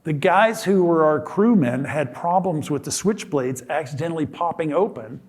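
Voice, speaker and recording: A man's voice: fairly high pitch, expressive, normal speed. A man in his sixties giving a casual talk in a lecture hall, telling a story with restarts and acted-out quotes. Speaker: guest speaker.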